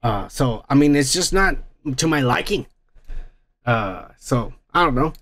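A man's voice: mid-range voice, expressive, unhurried, a bit bright. A man hosting a casual livestream, reading chat messages aloud in a blunt, profane, rambling way while drinking. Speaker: host.

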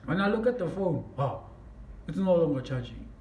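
A man telling a story on his vlog, animated and excitable, breaking into shouts, recorded in an echoey room. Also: fairly high pitch, normal speed. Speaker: vlogger. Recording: echoey room, mic at a distance, faint background noise.

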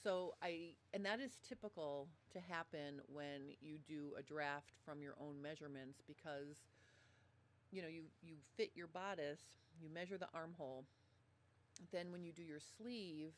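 A woman whose voice sits low teaches a live-streamed sewing class at a desk microphone, speaking at a normal speed with slight background noise. She explains each step chattily and apologizes for the audio trouble.

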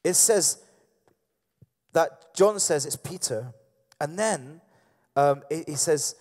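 A man preaching in a casual, conversational way, stumbling through fillers and restarts as he acts out the story. His voice sits a little high for a man. It carries a long reverb from the church hall. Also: animated, takes it slowly, pauses often, a little mellow. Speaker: pastor. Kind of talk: sermon.

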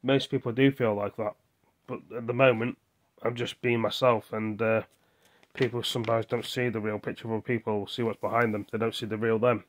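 A man's voice: lowish voice, flat delivery, a little fast. Frustrated man venting to camera. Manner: frustrated, rambling, asks himself questions. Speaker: vlogger. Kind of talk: venting personal video monologue.

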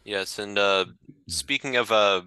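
Deep, bright-voiced male interviewer. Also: unhurried, smooth, no room sound. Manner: polite, asks long questions. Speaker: podcast host.

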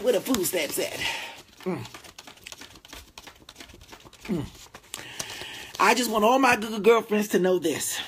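Lively, husky-voiced man vlogging. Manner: animated, profane, emotional; drawls slow heartfelt thanks, then bursts high and loud. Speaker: vlogger addressing fans. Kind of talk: casual heartfelt vlog.

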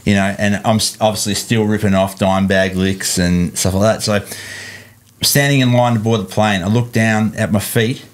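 A man with an Australian accent, a musician guest telling a story in a relaxed way, full of fillers. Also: fairly low pitch, normal speed. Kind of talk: casual storytelling.

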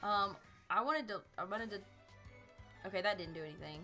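A woman's voice: medium pitch, normal speed, music in the background. A woman hosting a live video game stream, chatting casually, greeting viewers by name and laughing often. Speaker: livestream host playing a video game. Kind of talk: casual live gameplay chat.

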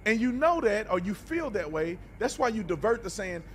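Guy reacting to a clip, blunt and preachy, kinda high voice, faint hiss behind. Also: moderate pace. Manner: blunt, animated, preachy, repeats words. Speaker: reaction video host. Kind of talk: casual reaction commentary.

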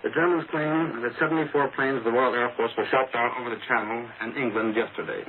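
Man, radio correspondent, measured formal delivery, mid-pitched voice, tinny 1940s broadcast sound. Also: fairly even intonation, slight background noise. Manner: measured, formal reading of bulletins. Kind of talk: 1940s radio news report.

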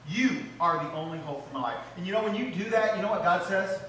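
A man, a pastor, preaching a sermon in a church, swinging between loud, rising lines and low, quiet emphasis. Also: lively intonation, fast, slight background noise. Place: church sanctuary. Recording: echoey church hall, mic at a distance.

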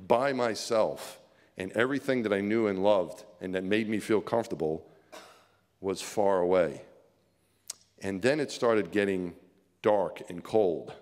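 Middle-aged male keynote storyteller, low-pitched, animated and chuckling, in a big reverberant hall. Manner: vivid storyteller, chuckling, swinging from hushed to excited. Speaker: keynote speaker. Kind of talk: storytelling speech to an audience.

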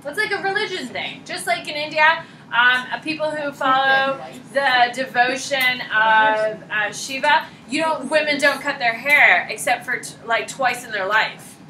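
A high, bright-voiced woman teacher giving a chatty, informal lecture and poking fun at herself while running low on sleep. Her voice rings around a roomy classroom. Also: a little slow, few pauses, slight background noise. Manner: chatty, informal, self-deprecating. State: short on sleep.

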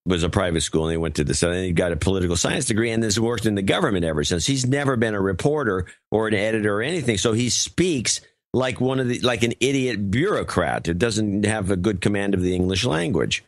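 A man's voice: lowish voice, lively intonation, fast, no room sound, clean studio sound. An older man co-hosting a talk podcast in casual chat, grumbling and sarcastic. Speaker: co-host.

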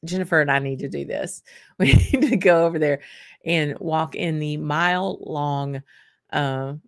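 Host: middle-aged woman, low gravelly voice, chatty and laughing, dry close sound. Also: dry recording. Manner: chatty, laughs often, many ums and restarts. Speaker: host of a whisky livestream. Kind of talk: casual chat reading viewer comments.

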